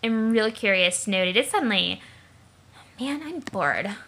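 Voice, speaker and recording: A woman voicing a tipsy, bubbly teenage girl who talks loud, slangy and rambling, with plenty of swearing. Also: mid-range voice, expressive, moderate pace, a little hiss or hum. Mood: chatty.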